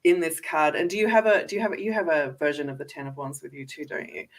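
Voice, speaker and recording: A woman's voice: low voice, animated, fast talker. A woman hosting a podcast, chatting casually and filling her talk with "like" and "you know". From Australia. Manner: chatty, uses "like" often. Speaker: podcast host.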